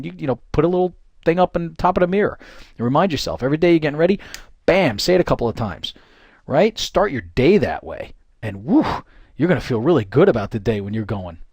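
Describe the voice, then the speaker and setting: A man's voice: mid-range voice, dry recording. Chatty motivational man, dry sound. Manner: chatty and animated, many fillers and restarts. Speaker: goal-setting coach. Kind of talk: informal motivational talk.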